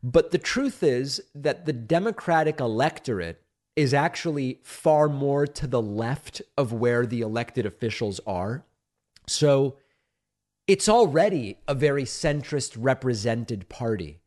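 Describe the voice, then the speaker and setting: A middle-aged, Argentine-born man hosts a political talk show, reading listener letters aloud and answering them at length. His mid-pitched, darkish voice is expressive and unhurried, his delivery conversational and emphatic. When criticized, he turns playfully defensive.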